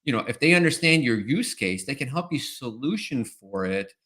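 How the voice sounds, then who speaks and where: Give me a man with a bright, clear voice explaining things patiently as a webinar guest. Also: mid-range voice, animated, normal speed. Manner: explanatory, tags points with "right?". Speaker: compliance expert guest. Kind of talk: webinar interview answers.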